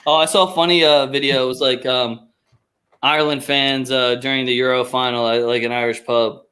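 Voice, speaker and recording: A man's voice: mid-range voice, little pitch movement, brisk, bright, forceful tone. A man hosting a casual sports podcast, ranting with heavy swearing and sarcasm. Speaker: podcast host.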